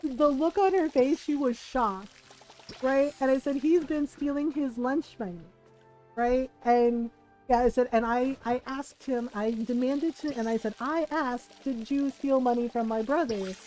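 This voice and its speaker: Animated high-voiced woman telling a story. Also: unhurried, soft background music, poor audio. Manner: animated, frequent "right?" and laughter. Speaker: streamer. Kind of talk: casual storytelling while gaming.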